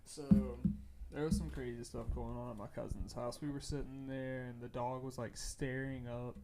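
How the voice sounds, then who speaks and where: A young man from North Carolina, co-hosting a podcast and telling a rambling, animated ghost story with lots of restarts. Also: mid-range voice, normal speed, noisy background. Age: young adult. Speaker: podcast co-host. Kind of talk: casual chat, storytelling.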